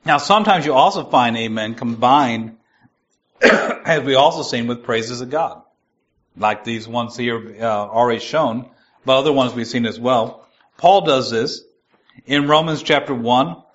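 A man giving a sermon. He reads scripture slowly and stresses its key words. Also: mid-range voice, a bit bright, muffled recording. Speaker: preacher.

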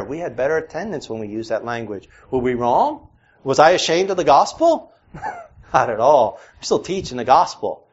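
A man preaches to a congregation in church with an accent blending Northern and Southern American. His mid-range voice is slightly rough, and he asks earnest questions before building to emphatic peaks. The audio is dull.

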